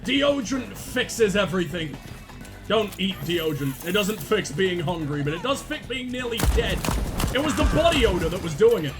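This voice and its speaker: A man commentating on his own video game play, loud, sweary and self-mocking, breaking into panicked yells during fights. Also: high-pitched, sing-song, normal speed, music in the background. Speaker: gaming channel host.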